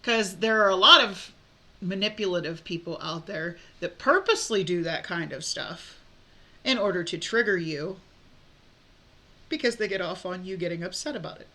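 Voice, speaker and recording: A woman's voice: on the low side, normal speed, pushed and bright. A woman giving a casual tarot reading, talking frankly with many fillers and restarts. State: hiccups. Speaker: tarot reader.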